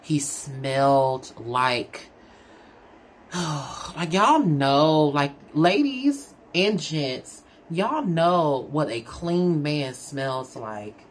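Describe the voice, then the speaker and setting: A woman's voice: very slow, a little hiss or hum. A woman telling a personal story in a casual, candid, chatty way, talking straight to her audience. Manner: chatty, candid, addresses the audience as "girl" and "y'all"; animated, with big swings in pitch. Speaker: storyteller vlogger.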